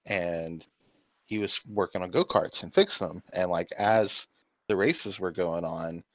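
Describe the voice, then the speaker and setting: A man's voice: low-pitched, unhurried, dry recording. A man co-hosting a podcast, chatting casually and laid-back, agreeing and reflecting with plenty of fillers. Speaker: podcast co-host. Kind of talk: casual chat. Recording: dull lo-fi podcast recording.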